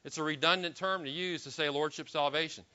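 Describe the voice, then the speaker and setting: A man's voice: fairly high pitch, fairly even intonation, brisk, sharp tone, lo-fi sound. A man preaching a sermon in an emphatic manner, with frequent restarts and rhetorical questions. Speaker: pastor.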